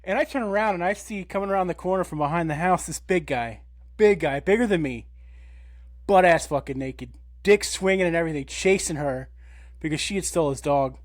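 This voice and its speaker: A man in his thirties, a podcast co-host, telling a story in a casual, animated way, swearing and acting out quotes. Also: a little high, brisk, dry recording. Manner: animated, profane, acts out quotes.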